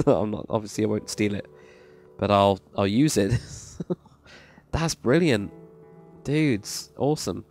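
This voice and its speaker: A Minecraft server plot reviewer takes it slowly, leaving long pauses, his voice on the low side and a little mellow. He tours a game build with casual, enthusiastic, rambling commentary and plenty of praise, over faint background music.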